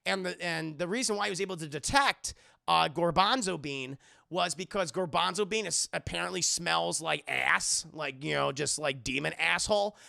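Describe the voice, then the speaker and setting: A man's voice: fairly high pitch, moderate pace, vocal fry, bright, forceful tone. A man casually recapping a show episode to a live chat, rambling and swearing often. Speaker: show reviewer.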